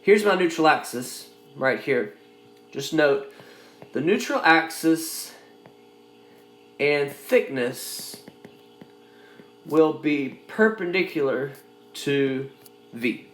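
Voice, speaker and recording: Man, engineering lecturer, slow deliberate delivery, slightly high voice, halting and repetitive, echoey room. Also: animated, fairly bright tone. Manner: halting, repeats phrases while explaining. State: coughing now and then. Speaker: engineering instructor. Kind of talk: recorded lecture.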